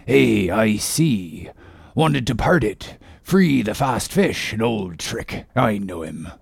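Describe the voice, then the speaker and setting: A gruff old whaling captain with one leg and a single obsession, as a narrator puts him on, barking archaic sea talk. His voice is low and gravelly, and the delivery swings widely. The recording is close and dry. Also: expressive, slow pace, no echo, full character voice. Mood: intense. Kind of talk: audiobook character voice.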